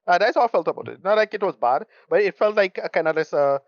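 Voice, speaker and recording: A man co-hosting a casual movie review chat, talking quickly with halting restarts. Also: sits high, lively intonation, no room sound. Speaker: podcast co-host. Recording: dry, dull lo-fi mic.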